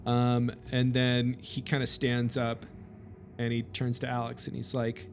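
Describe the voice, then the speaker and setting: A man's voice: medium pitch, completely flat delivery, unhurried, soft background music. A man narrating a tabletop game as game master, in a casual, hesitant way with many fillers.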